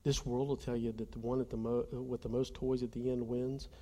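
A man's voice: medium pitch, flat delivery, fairly quick, warm tone, big-room sound. A man preaching a conversational sermon, telling a personal story earnestly and speaking straight to his congregation. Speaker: pastor.

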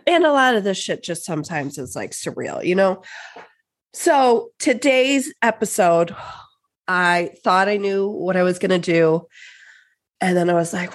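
Woman podcast host, young adult, casual solo talk, swears freely, slightly low voice. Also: moderate pace. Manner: chatty, candid, swears freely, excitable.

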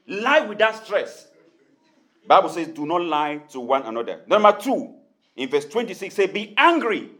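A man's voice: high voice, a bit bright. A man preaching a sermon, repeating his points and acting out little dialogues. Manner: preaching with repetition and acted-out dialogue. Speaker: pastor.

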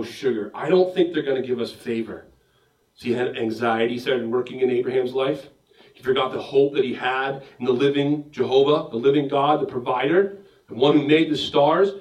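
Animated preacher man in an echoey hall. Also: medium pitch, normal speed. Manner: animated, joking storyteller acting out bits. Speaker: pastor. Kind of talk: sermon. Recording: roomy echo, mic at a distance.

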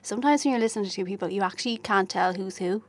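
A woman's voice: mid-range voice, very fast, dry recording. An Irish woman co-hosting a podcast in casual, teasing chat, often breaking into giggles. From Ireland. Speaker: podcast co-host.

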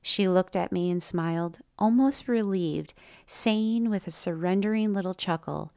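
A woman's voice: lowish voice, measured pace, gravelly, a little mellow, dry recording, studio quality. A woman narrating a first-person memoir to her listeners, with wry, conversational asides. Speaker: storyteller.

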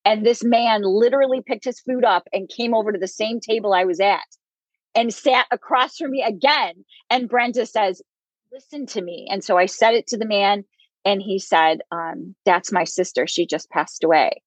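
A woman in her fifties, a psychic medium, telling her own life story as an interview guest, candid and quick to laugh. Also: medium pitch, no room sound. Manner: candid, laughs often while telling stories. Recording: dull, dry lo-fi recording.

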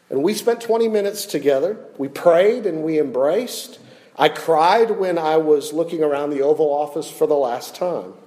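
A pastor preaching a sermon, his delivery swinging from loud, raised lines to hushed ones. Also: a little high, normal speed, rough recording.

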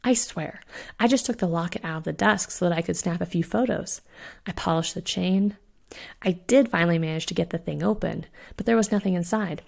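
A woman voicing a nervous young man who panics easily, reading him in a hushed, whispery tone in a spoken story. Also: fairly low pitch, a little fast, gravelly. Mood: panicked.

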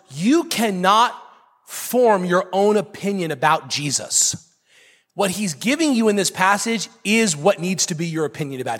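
This pastor's high, fairly bright voice carries a long reverb tail as he preaches. He drives his points home emphatically, repeats key phrases, and trades jokes with the congregation.

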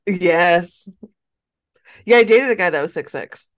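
A woman's voice: lowish voice, lively intonation, unhurried, no room sound, clean studio sound. A woman from California co-hosting a casual podcast chat, candid and dramatic in her stories, laughing often. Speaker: podcast co-host.

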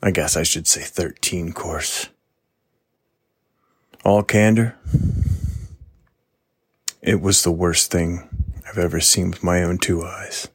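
An actor playing a gruff, foul-mouthed veteran police detective who talks bluntly and wearily. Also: male voice, low voice, fairly even intonation, slow pace, long pauses, no room sound, clean studio sound, full character voice. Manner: blunt, profane, world-weary. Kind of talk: true-crime audio drama interview.

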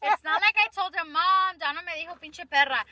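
Woman, casual podcast chat, high pitch, laughing storyteller, crowd in background. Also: a little fast, poor audio. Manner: laughing storyteller, switches into Spanish. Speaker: podcast co-host.

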